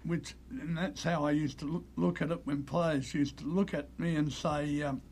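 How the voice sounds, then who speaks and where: An older Australian man telling animated stories as an interview guest, acting out the voices of the people he quotes. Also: a little high, normal speed, a little hiss or hum. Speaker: interview guest, former player agent. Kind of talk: conversational storytelling.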